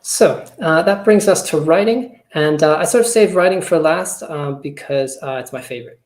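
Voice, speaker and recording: A man who trains teachers, giving an online webinar presentation in a relaxed, conversational way with a lot of hedging. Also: fairly high pitch, normal speed. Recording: roomy echo.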